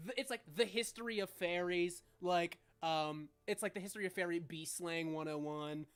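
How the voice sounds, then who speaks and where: A woman's voice: lowish voice, normal speed, smooth. A woman narrating a tabletop game as game master, rambling with many fillers and frequent laughs.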